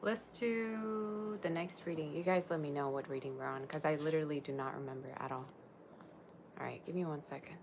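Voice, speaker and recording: A woman's voice: a bass voice, fairly even intonation, fast talker, creaky, background noise. A woman tarot reader chatting casually on a livestream, rambling and talking straight to her viewers.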